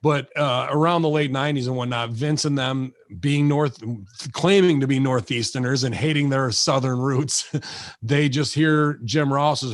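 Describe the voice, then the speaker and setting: A man's voice: medium pitch, normal speed, no room sound, clean studio sound. A man in his forties, a wrestling veteran guest on a casual podcast, swearing freely and acting out voices as he tells stories. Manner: profane, animated, acts out voices in stories.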